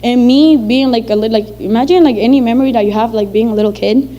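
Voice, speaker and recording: A woman's voice: fairly high pitch, fast, warm tone, dull audio. A young woman from Venezuela, telling a personal story to an audience in a chatty, filler-heavy way and acting out the dialogue. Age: young adult.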